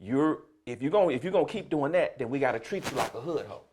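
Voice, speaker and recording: A man's voice: medium pitch, animated, quick pace, darkish tone, slight background noise. A middle-aged man tells a story with a lot of swing in his voice, rising and falling. He is a comedian in a casual chat, and he laughs through his punchlines. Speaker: comedian guest.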